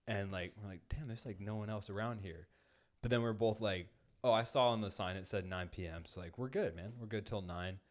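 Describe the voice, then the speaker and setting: A man co-hosting a podcast, telling a long casual story in a studio, full of "like" and acted-out quotes. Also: low voice. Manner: rambling, heavy use of "like", acts out quoted lines. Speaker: podcast co-host. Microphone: studio microphone.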